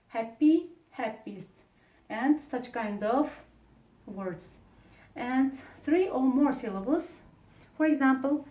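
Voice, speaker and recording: A woman with an Uzbek accent teaches English grammar to pupils, speaking slowly and haltingly with many fillers and stressing the example words. Her fairly high voice is expressive and warm. She sounds echoey and distant, from across a classroom.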